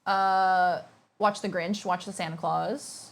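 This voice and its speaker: A woman's voice: on the low side, fairly even intonation, slow, gravelly. A young woman streaming live, chatting casually and playfully with her viewers and thanking them by name.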